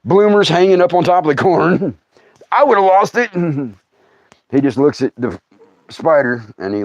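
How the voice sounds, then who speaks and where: A middle-aged man with a drawl spins a comic yarn, laughing as he goes and jumping his pitch all over to play his kin. The sound is dry and a little muffled, like a home stream mic. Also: expressive, normal speed, no echo. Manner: folksy, laughing often, acting out relatives' lines. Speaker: storyteller host. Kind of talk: comic storytelling livestream.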